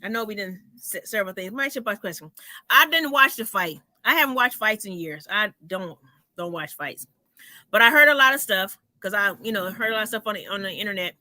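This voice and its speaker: A woman comedian telling stories in a casual chat, animated and salty, acting out the people in them. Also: medium pitch, no echo. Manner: animated storyteller, acts out voices, swears freely.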